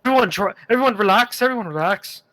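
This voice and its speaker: A man voicing a nervous, skinny teenage male bandit who talks in a high, hurried, apologetic way. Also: animated, sharp tone.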